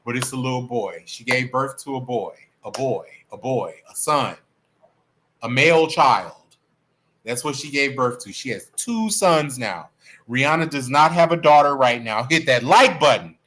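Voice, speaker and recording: A man hosting a livestream, chatting in a sassy, animated, playful way about celebrity gossip. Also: medium pitch, moderate pace. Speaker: livestream host. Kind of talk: casual celebrity gossip chat.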